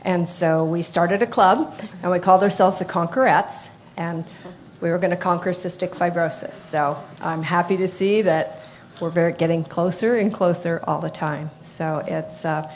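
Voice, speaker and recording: A woman in her sixties moderating a conference panel, speaking haltingly with many fillers. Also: on the low side, fairly even intonation, darkish tone, slight background noise.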